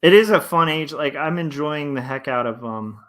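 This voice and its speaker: A man's voice: fairly high pitch, moderate pace. A man in his thirties chatting casually on a livestream while he draws, rambling through many fillers and restarts and reading chat messages aloud. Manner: relaxed and friendly, reads chat aloud. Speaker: comic artist streamer. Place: home studio indoors.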